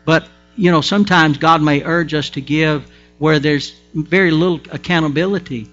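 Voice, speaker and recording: Man, pastor preaching, high bright voice, folksy asides, faint music underneath. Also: moderate pace, dull audio. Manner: emphatic preaching with folksy asides and repeated restarts. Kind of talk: sermon.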